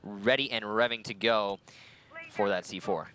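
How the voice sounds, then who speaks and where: A man's voice: lowish voice, steady tone, measured pace, bright, forceful tone. A man casting a competitive shooter match, breaking down plays in a chatty, analytical way. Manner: analytical, chatty, laughs easily. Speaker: esports caster. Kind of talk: play-by-play commentary.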